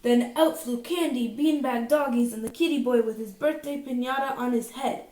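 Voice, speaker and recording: A woman reading a children's picture book aloud at bedtime, in an expressive, sing-song way with playful voices. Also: fairly high pitch, normal speed, far from the mic. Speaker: storybook reader. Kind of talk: bedtime story read-aloud. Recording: echoey home room.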